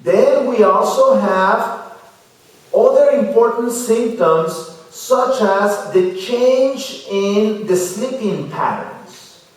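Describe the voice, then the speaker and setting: Male lecturer, fairly high voice, slow deliberate delivery, distant mic in a very echoey school hall. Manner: measured, explanatory, addresses audience with "okay?". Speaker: guest lecturer on mental health. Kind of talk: public lecture to students.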